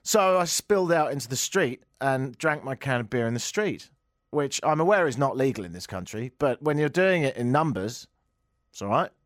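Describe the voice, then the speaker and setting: Sardonic comedian, lively delivery. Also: male voice, medium pitch, normal speed, dry recording, clean studio sound. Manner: sardonic, animated storytelling with ranting outbursts. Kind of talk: stand-up anecdote.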